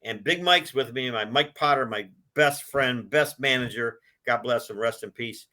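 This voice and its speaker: A man's voice: mid-range voice, moderate pace, bright, forceful tone. An older man telling rambling stories in a casual interview, acting out what other people said. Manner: rambling anecdotal storytelling, acts out quoted voices. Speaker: guest, collector of a presidential car.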